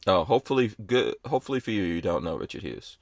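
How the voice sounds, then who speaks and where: A man's voice: low-pitched, sing-song, quick pace, darkish tone, no room sound. A man hosting a podcast in a rambling, playful way, reading out chat comments. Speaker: podcast host.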